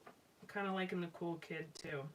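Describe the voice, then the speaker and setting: A woman's voice: fairly low pitch, fairly even intonation, moderate pace. A woman chatting casually and rambling as she scrapbooks live on a stream, with many fillers and restarts. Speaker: live-stream craft host. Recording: slightly distant mic with faint background noise.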